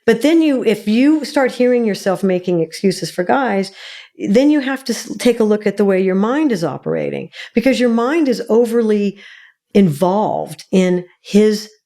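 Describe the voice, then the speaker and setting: Warm-voiced woman explaining like a teacher. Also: medium pitch, expressive, normal speed. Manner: emphatic, teacherly, checks in with "all right". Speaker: attachment therapist, guest. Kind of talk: explanatory interview talk.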